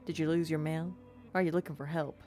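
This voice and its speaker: Female soldier lieutenant read by a woman, dry, matter-of-fact, lowish voice, faint music. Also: fairly even intonation, fairly quick, darkish tone, natural voice.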